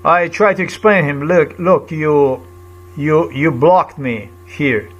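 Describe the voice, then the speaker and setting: Over loud music, a man with a slightly high voice rambles through a vlog about a run-in, repeatedly stopping, restarting and repeating phrases as he searches for words. He comes across agitated and indignant, and the audio's highs are cut off.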